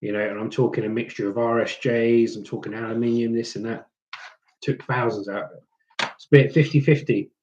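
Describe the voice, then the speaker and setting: A man's voice: medium pitch, steady tone, moderate pace, darkish tone. A man, casually chatting and telling scrapping stories while reading comments on a live stream. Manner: chatty storyteller, slips into mock accents. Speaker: livestream host reading chat. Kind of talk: casual chat.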